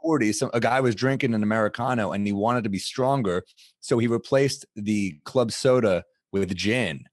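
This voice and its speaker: A man with a New York accent co-hosting a casual drinking podcast, animated and swearing, laughing easily between lines. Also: lowish voice, moderate pace. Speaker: podcast co-host.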